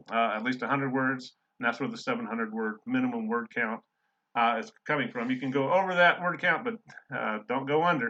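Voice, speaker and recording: A man's voice: mid-range voice, pushed and bright. A middle-aged man, a college English instructor giving a casual, rambling recorded lecture full of fillers. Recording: slightly dull lo-fi audio.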